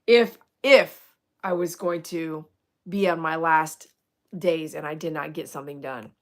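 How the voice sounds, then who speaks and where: A woman's voice: low-pitched, measured pace. A woman, a dog groomer chatting casually on a livestream, rambling and joking with her viewers as she reads their comments.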